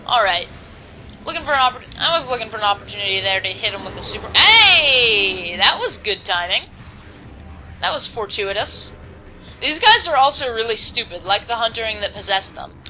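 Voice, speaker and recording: Teen girl, let's-play commentator, bright tone, chatty and rambling, faint music behind. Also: mid-range voice, poor audio. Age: teens. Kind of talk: casual gameplay commentary. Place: home, volume kept low.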